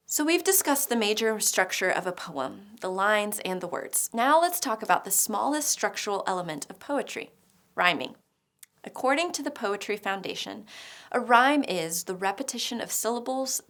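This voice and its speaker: A woman giving a scripted educational narration about poetry, explaining clearly with a light touch of humor. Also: medium pitch, a bit bright. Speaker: teacher.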